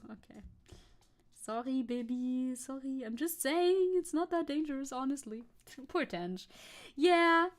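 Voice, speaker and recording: A woman chatting casually and playfully while she paints on a live stream. She rambles and jokes at her own expense. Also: fairly high pitch. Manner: playful, rambling, self-joking.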